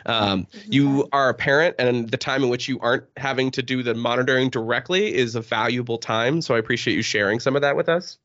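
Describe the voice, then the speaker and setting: A man's voice: mid-range voice, brisk, hardly any pauses, a bit bright, highs cut off. A man hosting a casual podcast chat, joking and laughing often. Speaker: podcast host.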